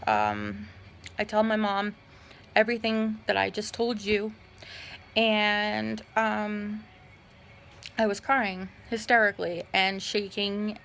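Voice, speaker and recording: A young woman telling a personal story to her vlog audience in a halting way, with frequent fillers, while lounging in bed. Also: mid-range voice, fairly bright tone, a little hiss or hum. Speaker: vlogger.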